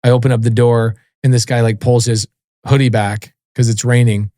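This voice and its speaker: A man's voice: medium pitch, level tone, moderate pace, mellow, no room sound, clean studio sound. A man in his forties, a podcast guest telling stories casually and animatedly, acting out the voices of people he quotes and swearing offhandedly. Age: 40s. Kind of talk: casual storytelling interview.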